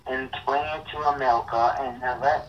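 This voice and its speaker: A man's voice: medium pitch, steady tone, a little hiss or hum. Young man on a muffled distant line. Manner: halting, repetitive, blunt opinions. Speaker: co-host. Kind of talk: casual chat.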